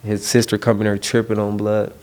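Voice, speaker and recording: A man's voice: fairly low pitch, a little fast, clear, resonant tone. A young man from Los Angeles, a rapper, telling slangy rambling stories in a casual interview. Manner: slangy, rambling, animated street storytelling.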